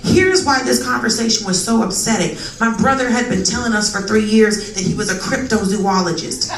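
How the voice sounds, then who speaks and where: A woman comedian doing a stand-up set on a club stage, brash and profane, bursting into loud acted outbursts, with audience laughter behind her. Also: medium pitch, moderate pace. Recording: roomy live club sound, mic heard from a distance, background noise.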